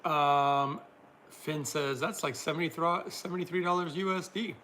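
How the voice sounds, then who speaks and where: Bright-voiced chatty man on livestream. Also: on the high side, little pitch movement, moderate pace, slight background noise. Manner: chatty, reads out viewer comments and laughs often. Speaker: livestream host answering viewer chat. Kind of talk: casual livestream chat.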